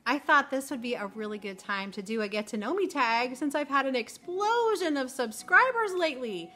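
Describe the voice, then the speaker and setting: A woman's voice: sits high, expressive, moderate pace, bright, forceful tone. A middle-aged woman teacher vlogging casually, chatty and candid, sentimental. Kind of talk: casual get-to-know-me chat.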